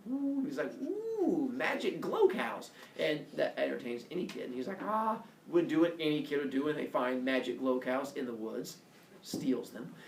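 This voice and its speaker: Jokey guy telling an old myth, lively sing-song voice, a bit gravelly, echoey room from far off. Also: on the high side. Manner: playful, jokey, animated. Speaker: storyteller. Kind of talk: casual myth retelling. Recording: echoey room, distant mic, faint noise.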